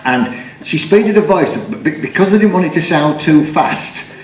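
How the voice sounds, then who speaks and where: A man's voice: on the high side, expressive, moderate pace, echoey room, distant mic, low-quality recording. A man telling comic stories on a chat show, chuckling and breaking into impressions. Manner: jokey, chuckles through his stories, drops into impressions. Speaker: comedian guest. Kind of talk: chatty anecdotes on a talk show.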